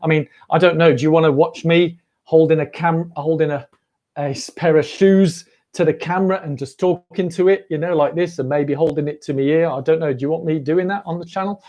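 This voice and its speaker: A man's voice: on the high side, fairly even intonation, brisk, a little mellow. A middle-aged man hosting a casual livestream, chatty and jokey, talking straight to his viewers. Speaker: running channel host. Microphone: camera on a livestream.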